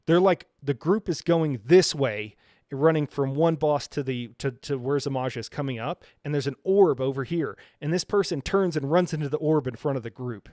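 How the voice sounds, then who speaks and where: A man's voice: mid-range voice, a little fast, few pauses, dark tone, dry recording, clean studio sound. A man hosting a live stream, chatting casually about a game in a rambling way, full of fillers and frequent chuckles. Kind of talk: casual gaming reaction chat.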